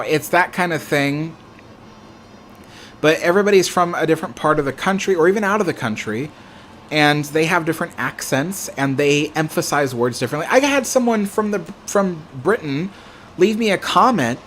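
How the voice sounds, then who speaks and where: A man's voice: a little high, normal speed, fairly bright tone, a little hiss or hum. An American man hosting a livestream, chatting casually and answering viewer comments in a rambling, self-correcting way. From United States. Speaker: livestream host.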